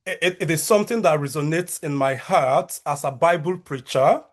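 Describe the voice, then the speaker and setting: A man in his thirties with a Nigerian accent, a researcher and lecturer giving a measured conference talk over a video call, with frequent fillers and restarts. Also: fairly high pitch.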